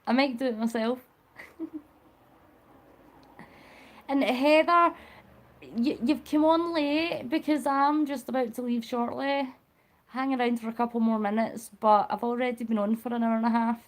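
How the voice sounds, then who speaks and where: A woman's voice: fairly high pitch, steady tone, unhurried, long pauses. A woman chatting affectionately with viewers on a charity live stream, laughing often. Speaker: vlogger livestreaming a charity cycle.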